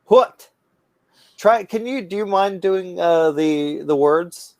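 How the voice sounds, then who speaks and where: A man with a slightly high voice rambles through a casual podcast chat, swearing freely and tripping over restarts. He sounds stoned and scattered. The sound is dry and close. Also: slow, a little mellow, dry recording. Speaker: podcast co-host.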